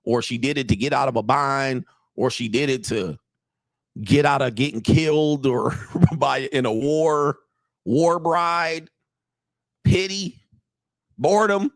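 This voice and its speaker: A man's voice: mid-range voice, takes it slowly, pauses often, no echo, clean studio sound. A man coaching on dating in a casual livestream monologue, blunt and profane, repeating himself and challenging his audience to disagree. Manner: blunt, profane, repetitive, asks the audience for agreement. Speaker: dating and relationship coach streaming live.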